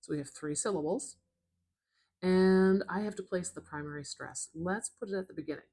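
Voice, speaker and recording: A woman with a North American accent teaching phonetics, talking gently and drawing out her words. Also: deep voice, moderate pace. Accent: North American English. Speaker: former children's speech worker. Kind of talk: slow, soothing instructional talk.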